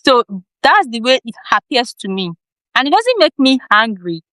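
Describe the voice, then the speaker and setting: A woman's voice: fairly high pitch, big pitch swings, normal speed, sharp tone, dry recording, rough recording. A woman, a health educator and guest, giving earnest advice with occasional sound repetitions. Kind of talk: interview answers.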